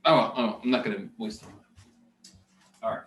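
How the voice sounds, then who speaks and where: A man's voice: fairly low pitch, a little slow, fairly bright tone, roomy sound. A man teaching a math lecture, talking himself through the arithmetic and muttering curses under his breath. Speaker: math instructor. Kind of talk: recorded classroom lecture.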